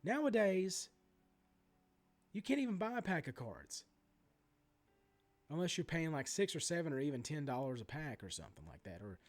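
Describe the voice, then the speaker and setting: A man's voice: on the high side, normal speed, pauses often. A man in his forties ranting in a vlog about sports card prices, swearing freely and going off on asides and restarts. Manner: animated, profane ranting with many asides and restarts. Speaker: sports card collector vlogger.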